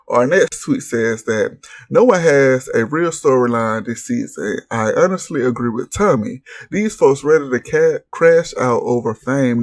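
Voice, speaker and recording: Husky, brash man with a recap vlog. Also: medium pitch, no echo, studio quality. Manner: brash, blunt, profane trash-talk with laughs. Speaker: reality TV recap host. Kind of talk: casual commentary vlog.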